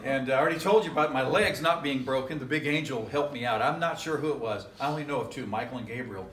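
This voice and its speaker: Speaking fast in a medium, slightly bright voice, a pastor gives a casual, rambling sermon in an echoey church sanctuary. He fills it with jokes and chuckling asides.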